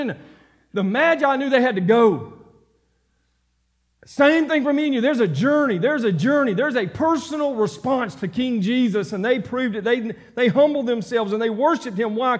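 High-voiced impassioned preacher man. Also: animated, normal speed. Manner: impassioned preaching, repeats phrases for emphasis. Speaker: pastor. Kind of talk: sermon. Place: church sanctuary.

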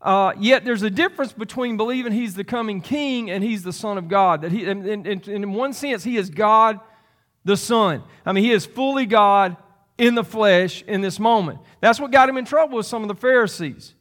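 A man's voice: sits high, normal speed, fairly bright tone. A man preaching a sermon as pastor, conversational and rambling, with many restarts and asides.

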